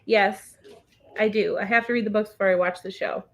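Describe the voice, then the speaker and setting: A woman's voice: mid-range voice, fairly even intonation, brisk. A woman hosting a casual reading livestream over a video call, chatting and laughing often.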